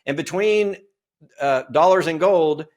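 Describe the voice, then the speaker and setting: A man's voice: on the high side, measured pace, darkish tone. A man hosting a finance show, reading an article aloud and breaking in with his own commentary. He talks emphatically, asks rhetorical questions and keeps telling listeners to pay attention.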